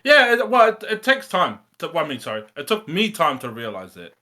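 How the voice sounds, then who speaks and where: Modest, hesitant young-sounding producer. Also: male voice, a little high, huge pitch swings, brisk, sharp tone. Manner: modest, hesitant, many fillers. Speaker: music producer contestant. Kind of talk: casual chat.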